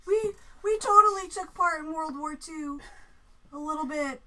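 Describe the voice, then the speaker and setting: A young woman with a high-sitting, sharp-toned voice hosts a live painting stream and chats casually as she works. She jokes, swears freely, and mimics people in quick asides.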